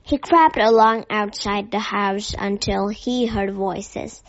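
Slow woman reading a storybook. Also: mid-range voice, no echo. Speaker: narrator. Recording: dull dry lo-fi recording.

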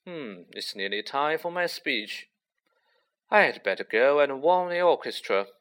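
A stiffly proper gentleman ghost who speaks formally in a bright, lively voice, as a man puts him on in a storybook reading. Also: mid-range voice, a little slow, pitched above the performer's own voice. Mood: proud. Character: proud, touchy old gentleman ghost.

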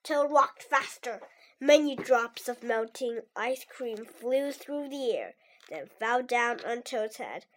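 A woman's voice: fairly high pitch, expressive, slow pace. A woman whose first language is Mandarin Chinese, hosting a children's story show and reading a story aloud in a sweet, upbeat, teacherly tone. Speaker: children's story podcast host.

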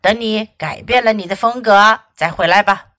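A woman voicing Mister Sharp, a strict, impatient male band teacher in a children's storybook. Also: medium pitch, moderate pace, natural voice. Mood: stern.

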